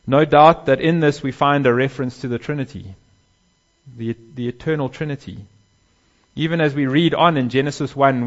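A man preaching a sermon, swelling loud on key phrases and dropping low and soft on others. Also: dull audio. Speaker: pastor.

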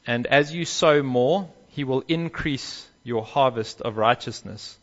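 A man's voice: mid-range voice, unhurried, fairly bright tone. Earnest male preacher, muffled sound. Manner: earnest, emphatic, repeats key phrases. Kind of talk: expository sermon.

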